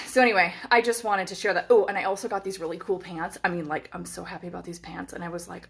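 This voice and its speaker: Woman in her thirties, casual live-stream vlogger. Excitable, profane, filler-heavy, talking into a phone camera. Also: medium pitch, fast. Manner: excitable, swears freely, lots of fillers. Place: hotel room.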